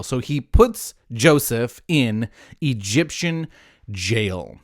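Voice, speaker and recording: Animated, jokey man retelling a story. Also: medium pitch, takes it slowly, no echo, studio quality. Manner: animated, jokey, self-interrupting. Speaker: podcast host retelling Bible stories. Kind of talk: casual retelling with acted voices.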